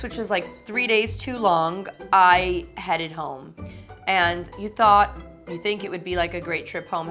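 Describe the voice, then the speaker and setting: A woman hosting her own vlog, telling stories in a sarcastic, gossipy way and swearing freely. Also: medium pitch. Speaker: vlog host. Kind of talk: confessional to-camera storytelling.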